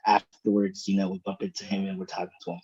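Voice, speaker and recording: A man with a mellow, slightly husky voice tells a relaxed story on a podcast. He drops "dude" into almost every sentence. The sound is dull and lo-fi. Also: low voice, fast. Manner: laid-back, says "dude" a lot. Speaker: podcast co-host. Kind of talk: casual storytelling chat.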